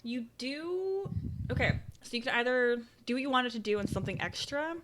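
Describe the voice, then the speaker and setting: Young woman GM on a video call, slightly high voice, loose rambling rules talk. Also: lively intonation, moderate pace, background noise. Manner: casual, rambling explanations full of fillers. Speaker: game master. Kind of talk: running a tabletop game over a video call.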